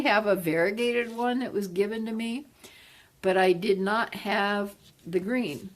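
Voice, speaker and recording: A woman's voice: medium pitch, measured pace. A woman unboxing plants in a casual vlog, gushing and exclaiming over each one as she chats. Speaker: plant vlogger.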